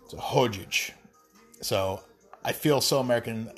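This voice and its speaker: A man's voice: medium pitch, expressive, moderate pace, faint music behind. A man talking straight to his audience in a casual, rambling monologue, swearing freely and tossing in wry asides. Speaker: gaming vlogger.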